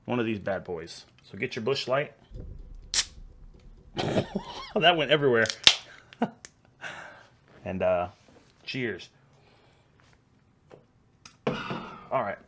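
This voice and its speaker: A man's voice: lowish voice, drawn-out words, long pauses, background noise. A man with a Texan accent from Houston, hosting a casual reaction video in a laid-back, drawling way and laughing often. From Houston, Texas.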